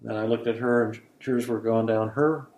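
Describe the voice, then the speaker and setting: Man, mid-pitched voice, earnest halting storyteller, repeats words, roomy echo. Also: fairly even intonation, a little mellow. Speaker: psychiatrist and podcast host. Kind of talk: storytelling in casual conversation.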